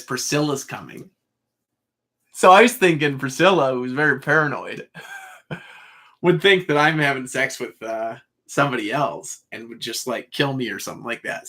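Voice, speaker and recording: A man with a medium-pitched, slightly bright voice shares a spiritual vision through a long personal story. He meanders loosely as he talks, using "like" and "uh" constantly.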